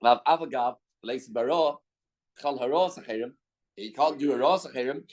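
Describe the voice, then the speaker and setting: A man's voice: medium pitch, moderate pace, darkish tone, poor audio. A man teaching a Talmud class as a rabbi, reasoning aloud and repeating his key questions. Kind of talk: Talmud study lecture. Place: study hall.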